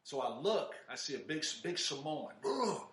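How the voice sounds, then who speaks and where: A man from California, co-hosting a podcast, telling a story in a lively, animated way and acting out the shouting people in it. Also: fairly high pitch, normal speed, reverberant. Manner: animated, acts out shouting voices in his stories. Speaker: podcast co-host. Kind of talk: casual storytelling chat. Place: garage.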